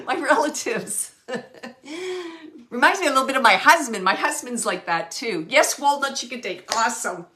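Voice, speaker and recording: A woman giving a spirit reading as a medium, rambling and halting with many fillers and frequent laughs. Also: lowish voice, bright, forceful tone.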